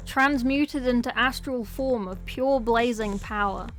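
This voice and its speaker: A woman's voice: on the high side, measured pace, faint music behind. A woman casually reading a novel aloud, with playful, chatty asides. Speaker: book reader.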